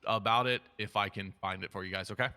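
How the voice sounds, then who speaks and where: A man's voice: on the low side, steady tone, fast, pushed and bright, clear, resonant tone. A man leading a police roleplay meeting, explaining procedure in a friendly, organized way. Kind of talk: casual roleplay meeting talk.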